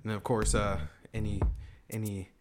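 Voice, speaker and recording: A man, the game master, wrapping up a session in relaxed, chatty talk that repeats itself. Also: fairly low pitch, normal speed, over music. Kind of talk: casual podcast wrap-up chat.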